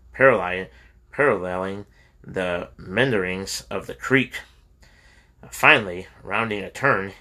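Male audiobook narrator, steady reading; low-pitched with a bright edge. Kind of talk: scripted narration.

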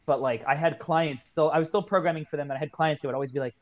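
Appearing on a podcast for a relaxed chat, a twenty-something man who coaches kettlebells tells his story with heartfelt sincerity. He talks very fast in a fairly high, steady voice.

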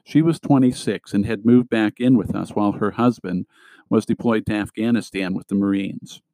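A man's voice: fairly low pitch, moderate pace, warm tone, dry recording, rough recording. A man reading a middle-grade novel aloud as scripted narration, giving small voice shifts to the characters' lines. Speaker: audiobook reader.

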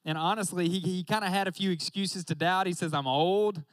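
A young man gives a casual, joking sermon in a high, light voice. He keeps turning to his listeners and talking straight at them. The sound is close and dry, with no room echo. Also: steady tone, fast talker, fairly bright tone. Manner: joking, talks straight to the audience with "y'all".

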